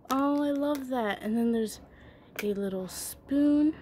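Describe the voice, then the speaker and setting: Young female vlogger, high-pitched and unhurried, gushing and squealing, faint room noise. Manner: excitable, gasping, squealing. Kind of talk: casual unboxing chat to viewers.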